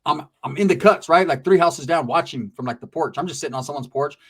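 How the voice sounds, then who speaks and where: A man's voice: fairly high pitch, fast talker, breathy edge. Streetwise man. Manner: streetwise, rambling, checks in with "right?". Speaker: storyteller. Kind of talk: casual profane storytelling.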